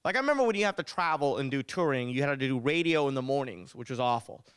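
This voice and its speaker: A young man doing a stand-up comedy set, telling animated stories with punchy delivery. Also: medium pitch, quick pace, clear, resonant tone, no room sound. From United States.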